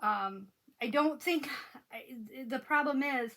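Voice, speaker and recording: Woman, high voice, crafting vlog host, casual rambling chat, lots of ums. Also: slow pace, a bit bright. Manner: chatty and rambling, many ums.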